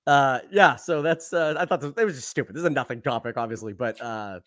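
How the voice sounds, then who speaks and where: A man's voice: medium pitch, fast talker, a bit bright. A man hosting a podcast in casual chat, rambling and laughing often as he talks. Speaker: podcast host.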